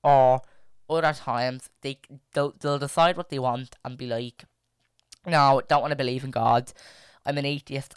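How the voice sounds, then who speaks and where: A young man hosting a casual podcast, reading stories aloud and drifting into rambling asides full of fillers and restarts. His voice is smooth and clear. The sound is dry and close, with no room echo. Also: fairly high pitch.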